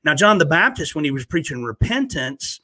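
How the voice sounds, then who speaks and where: A man's voice: a little high, big pitch swings, a little fast, pushed and bright, no room sound. A man with a Southern US accent, a guest on a faith podcast, preaching earnestly and slipping in self-mocking jokes. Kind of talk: casual faith podcast chat.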